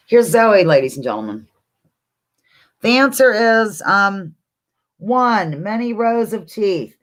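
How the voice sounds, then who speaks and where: Animated woman hosting a live quiz. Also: medium pitch. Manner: chatty, reads viewer comments aloud, talks to her dog between questions. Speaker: livestream host. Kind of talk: casual live-stream quiz chat. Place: home, indoors.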